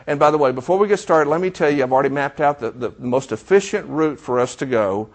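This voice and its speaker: Storytelling preacher, slightly high voice. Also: male voice, lively intonation, fast talker, few pauses. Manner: storytelling, acts out quoted dialogue; asks the congregation questions. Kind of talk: sermon illustration.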